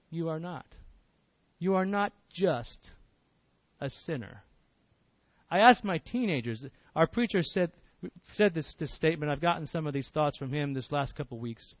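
Earnest high-voiced man preaching. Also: lively intonation, moderate pace, no room sound, highs cut off. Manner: earnest, emphatic, repeats words when restarting. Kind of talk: sermon.

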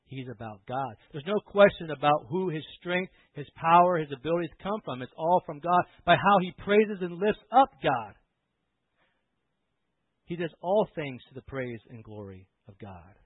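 A man preaching a sermon as pastor, swinging from loud impassioned preaching to quiet storytelling. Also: a little high, animated, normal speed, husky, no room sound. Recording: tinny phone-like sound, dry.

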